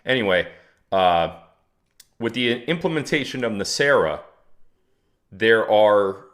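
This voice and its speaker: A chatty man hosts a casual livestream and talks straight to his viewers. His voice sits fairly low. He reads comments aloud and mocks them as he goes. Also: fairly bright tone. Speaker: livestream host. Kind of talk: casual livestream talk to chat.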